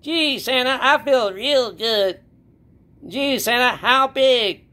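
A man's voice: very high voice, slow pace, sharp tone, voice pushed up, exaggerated voice. A man voicing a silly, childish male Christmas elf who talks in a dopey, gee-whiz way.

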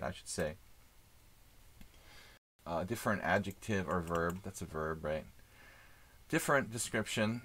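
A man streaming live chess, thinking aloud in casual commentary with many fillers and pauses. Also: sits low, a bit bright.

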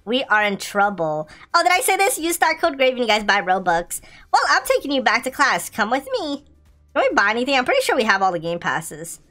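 A woman's voice: fairly high pitch, sing-song, brisk, pushed and bright, soft background music. A young woman commentating a zombie video game, playful and giggly, often reading the game's lines aloud. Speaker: gaming YouTuber. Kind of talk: let's-play commentary.

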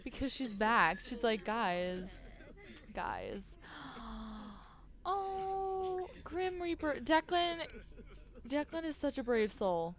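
A woman giving casual commentary while playing a life-simulation game, excitable and quick to gasp and squeal. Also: high voice. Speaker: gaming YouTuber. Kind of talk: casual let's-play commentary.

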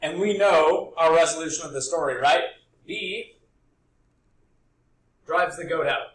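A man's voice: fairly high pitch, unhurried, a bit bright. A man teaching a recorded lesson, explaining step by step and often checking in with "right?". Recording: echoey room.

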